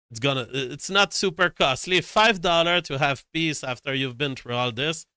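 A man's voice: fairly high pitch, normal speed, hardly any pauses, sharp tone, clean tone, dry recording. A man from Canada telling a rambling, profane, self-dramatizing anecdote. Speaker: storyteller. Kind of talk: casual anecdote.

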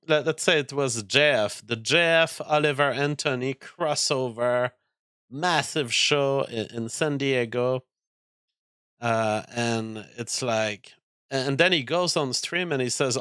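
A man's voice: medium pitch, slow, bright, forceful tone, clean tone, dry recording, studio quality. A man streaming, reacting to clips with profane rants. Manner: ranting, profane.

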